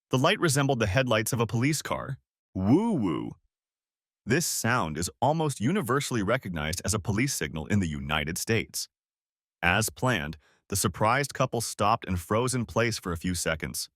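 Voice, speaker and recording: A man narrating a first-person story in an expressive storytelling manner. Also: on the low side, no echo, clean studio sound.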